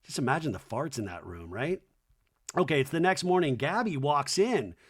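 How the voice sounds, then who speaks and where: A man hosting a podcast, casually recapping a reality show in a joking tone, often dropping into low mocking voices to quote people. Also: very animated, moderate pace, husky. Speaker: podcast host.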